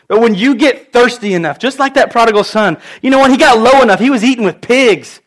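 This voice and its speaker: A man with a notably high voice preaches to his church congregation. He talks earnestly and conversationally, drifting into personal stories as he makes his points. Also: a little fast, few pauses. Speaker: pastor. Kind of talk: sermon.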